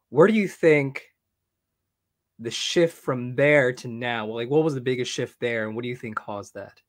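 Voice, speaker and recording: A man hosting a casual interview, relaxed and joking, asking loose follow-up questions. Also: mid-range voice, normal speed. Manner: relaxed, joking, short reactions. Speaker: interview host.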